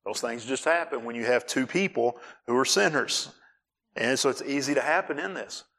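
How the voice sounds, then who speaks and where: A man preaching from the pulpit in a mid-pitched voice. He talks in an animated way, acting out little scenes and pushing his voice up for emphasis. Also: normal speed. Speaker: pastor. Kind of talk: sermon.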